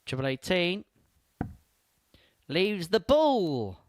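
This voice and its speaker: A man's voice: sits high, very animated, drawn-out words, no room sound, clean studio sound. A man commentating live darts with wry, joking banter.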